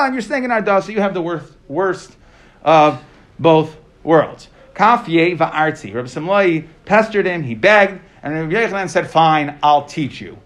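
Man, high voice, daily Talmud class, explains line by line. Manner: explains text line by line, translating and asking questions. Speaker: Talmud teacher.

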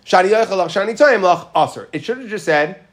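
A man's voice: high-pitched, lively intonation, quick pace. A man teaching a Talmud class, walking through the text with questions and repeating Hebrew phrases in a chanting rhythm.

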